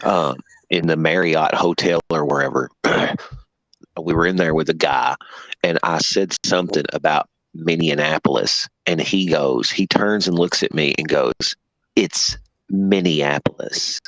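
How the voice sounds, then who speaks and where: A man from the American South, a podcast co-host chatting casually, telling animated stories, swearing and laughing as he goes. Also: extremely low pitch, measured pace, dry recording, poor audio. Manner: animated storyteller, swears freely, laughs often. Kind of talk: casual chat.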